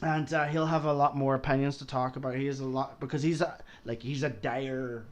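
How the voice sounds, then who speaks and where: A man's voice: medium pitch, fairly even intonation, a little fast. An Irish man co-hosting a casual streamed chat, laughing often and swearing freely as he rambles. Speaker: streamer co-host.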